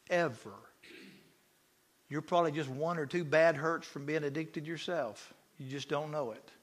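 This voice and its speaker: A man preaching an impassioned sermon, swinging from loud to hushed and asking the congregation questions. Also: fairly high pitch.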